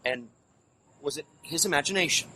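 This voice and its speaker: A man's voice: normal speed, bright, forceful tone, slight background noise, rough recording. A man guiding a live ghost tour outdoors, telling a grim history in a dramatic, emphatic way. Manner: dramatic, emphatic storytelling with swings in pitch. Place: outdoors on a city street.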